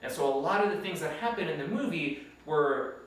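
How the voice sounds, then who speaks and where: Animated swearing man in an echoey room. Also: fairly high pitch, a little fast, recorded from a distance. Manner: animated, swears a lot, acts out quotes. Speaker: movie reviewer co-host. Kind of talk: casual profane movie review chat.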